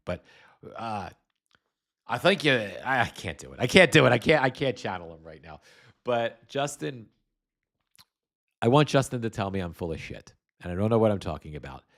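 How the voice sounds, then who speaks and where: A man from the United States with a somewhat low voice hosts a political commentary livestream. He rambles, swears freely and speaks bluntly. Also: big pitch swings, normal speed, pauses often. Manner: rambling, blunt and heavily profane. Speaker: host.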